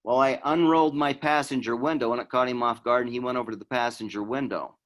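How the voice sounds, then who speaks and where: A man's voice: medium pitch, fairly even intonation, fast talker, a bit bright. A middle-aged man from Utah, a law enforcement trainer telling a story in a conversational training talk and acting out the dialogue.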